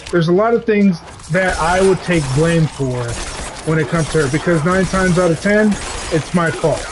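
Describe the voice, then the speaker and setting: A male streamer talks loosely over his game, drifting from one story to the next. His voice sits a little high for a man. A clear layer of noise runs underneath the talk. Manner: rambling, animated storytelling. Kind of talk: casual live-stream chat while gaming.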